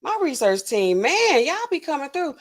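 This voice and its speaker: A woman's voice: sits high, normal speed. Chatty woman hosting a livestream reaction. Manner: chatty and animated, talking straight to chat viewers; relaxed slangy speech with frequent filler words. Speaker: host reacting to drug news clips. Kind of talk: casual livestream reaction chat.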